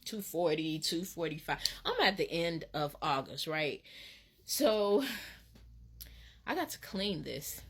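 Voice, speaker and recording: A woman from Alabama, telling a casual storytime in an animated, dramatic way with laughs. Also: sits low, slow pace, husky. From Alabama, USA. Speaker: vlogger.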